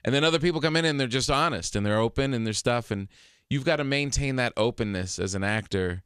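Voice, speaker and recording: Smooth-voiced man telling lively stories. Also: medium pitch, quick pace, no echo, clean studio sound. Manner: animated storytelling, laughs often. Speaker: comedian guest. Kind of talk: casual interview chat. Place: radio studio.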